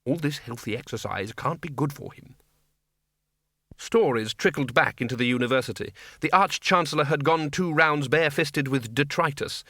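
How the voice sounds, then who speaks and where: A man's voice: a little high, sharp tone, dry recording. A man narrating a comic fantasy audiobook in a dry, wry storytelling manner on a close studio mic. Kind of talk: scripted narration.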